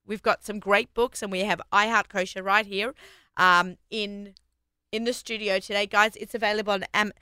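A woman with an Australian accent hosting a radio show, talking in a chatty way with quick restarts. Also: medium pitch, flat delivery, sharp tone, clean tone, dry recording. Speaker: radio host. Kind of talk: casual radio chat.

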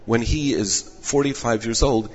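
A man who directs rabbinic placement, giving measured advice in an interview while losing his voice. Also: medium pitch, slightly rough. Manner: measured, advising. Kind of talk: explanatory interview answers. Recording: echoey dull room audio.

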